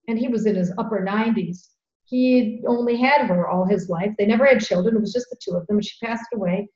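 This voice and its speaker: A middle-aged woman hosting a podcast, telling a story in an earnest, animated way and repeating phrases for emphasis. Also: fairly high pitch. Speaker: podcast host. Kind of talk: conversational storytelling. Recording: roomy, dull lo-fi sound.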